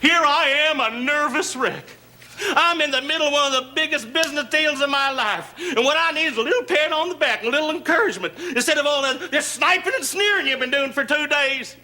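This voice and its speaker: A blustering hot-headed husband. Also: male voice, very high voice, brisk, full character voice. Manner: blustering, exasperated shouting. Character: blustering hot-tempered husband with get-rich schemes. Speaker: husband in a TV family sketch. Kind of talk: 1970s TV sketch comedy acting.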